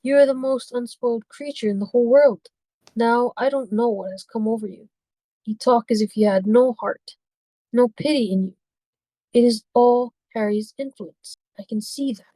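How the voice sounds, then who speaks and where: An earnest male painter pleading with a friend, read by a woman, in a fairly high, mellow voice. The recording is dry and close, with no room sound. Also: moderate pace, no echo, natural voice, poor audio. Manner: pleading, reproachful reading aloud. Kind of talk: amateur read-aloud of a novel.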